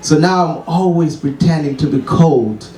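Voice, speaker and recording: With a dark tone on a higher-pitched voice and a moderate pace, a Zimbabwean-accented stand-up pokes fun at himself at a small open mic, now and then chuckling. He's recorded from a distance in an echoey room, with a bit of hiss or hum.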